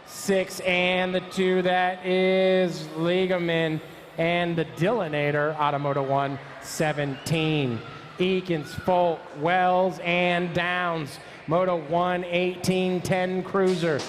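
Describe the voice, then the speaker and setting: A man's voice: sits high, a little hiss or hum. A man announcing a live BMX race, rattling off rider names, numbers and nicknames as they hit the track. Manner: rapid-fire calling of rider names and numbers.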